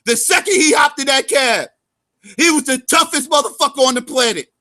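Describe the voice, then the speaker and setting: Man, very high voice, piercing bright tone, profane storytelling commentary, loud then muttering. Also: fairly quick. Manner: heavy cursing, addresses viewers as family; swings between loud outbursts and low mutters. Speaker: YouTube commentator.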